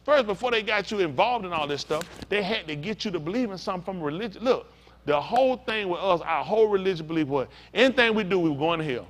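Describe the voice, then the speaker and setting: A man's voice: sits high, expressive, fast talker. A male pastor teaching a sermon in a conversational storytelling way, talking straight to the congregation.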